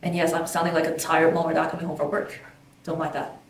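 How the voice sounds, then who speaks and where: A woman's voice: deep voice, little pitch movement, fast talker. A woman giving a candid, thoughtful personal reflection as a documentary interviewee. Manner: candid, thoughtful, with casual fillers. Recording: roomy distant mic. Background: soft guitar music.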